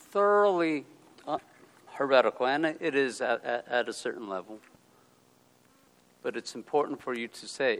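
A man preaching a sermon in a conversational way, often checking in with "okay?" and acting out the voices of people he quotes, swinging between quiet and loud. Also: mid-range voice, poor audio. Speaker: pastor.

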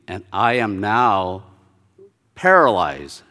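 A man's voice: low voice, slow pace. Man preaching in an echoing hall. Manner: animated storytelling, swinging between hushed and loud. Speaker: pastor. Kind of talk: sermon with personal story.

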